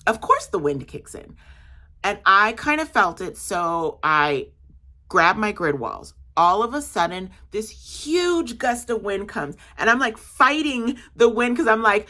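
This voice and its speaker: Chatty woman vlogger, bright tone. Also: medium pitch, unhurried. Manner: animated, chatty storytelling with many fillers. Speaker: market vendor vlogger. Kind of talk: casual storytelling vlog.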